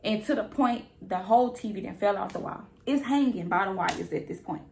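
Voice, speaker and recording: A young woman vlogger telling a story in casual, slangy talk, animated and repeating her phrases. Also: medium pitch, brisk, creaky, a little hiss or hum.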